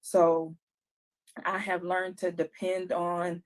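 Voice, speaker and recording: A woman's voice: on the low side, little pitch movement, slow pace. A woman co-hosting a casual podcast chat, speaking candidly and acting out her own self-talk. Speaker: podcast co-host.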